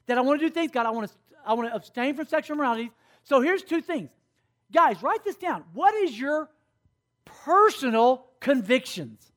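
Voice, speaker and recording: A man in his fifties with a notably high voice delivers a sermon-style lesson to a room of young people. He talks in an animated, conversational way and keeps checking in with his listeners. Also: normal speed. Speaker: camp speaker teaching students. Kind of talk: sermon-style teaching to a youth audience.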